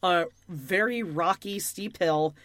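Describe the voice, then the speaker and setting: A woman co-hosting a podcast in casual chat, animated and often acting out quoted voices. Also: on the low side, slow pace, no room sound. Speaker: podcast co-host.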